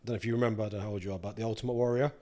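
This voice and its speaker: A man's voice: on the low side, rapid-fire. A man with a London accent, a podcast guest telling a long story in a casual, slangy way. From East London. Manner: chatty, slangy, lively storyteller. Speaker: guest, snack brand co-founder.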